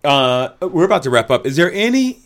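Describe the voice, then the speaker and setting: A man from Georgia speaks with a Southern American accent, his pitch lively as he jokes. He co-hosts the podcast with a wordy, playful manner. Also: a little fast. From Georgia, USA. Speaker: podcast co-host.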